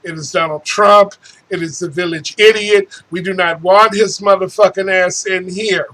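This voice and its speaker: On his own show, a host rages about politics in a high, bright, forceful voice at normal speed with fairly even intonation, and the recording quality is low. He swears, sounds furious, and keeps tripping over restarts.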